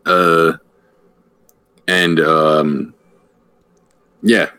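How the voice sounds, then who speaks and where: Low-voiced man who stammers. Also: level tone, extremely slow, pushed and bright, clear, resonant tone. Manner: stammers, repeats words, teasing. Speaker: podcast co-host. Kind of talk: casual podcast banter.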